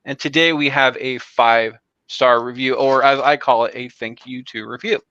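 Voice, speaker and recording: A man's voice: medium pitch, fairly even intonation, moderate pace, sharp tone, smooth, dry recording, lo-fi sound. A man hosting a podcast, rambling in casual chat with many fillers and restarts. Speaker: podcast host.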